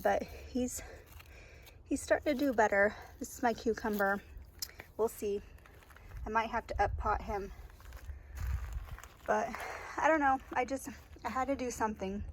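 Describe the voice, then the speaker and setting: In this casual garden tour vlog, a woman with a mid-range voice walks through her outdoor garden, with a little hiss or hum on the recording. She's a chatty homestead vlogger who laughs frequently and leans on lots of ums.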